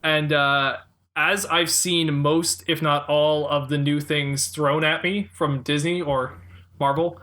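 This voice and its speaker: A man co-hosting a casual pop-culture podcast, talking in an animated, rambling way with frequent laughs. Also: on the high side, slow. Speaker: podcast co-host.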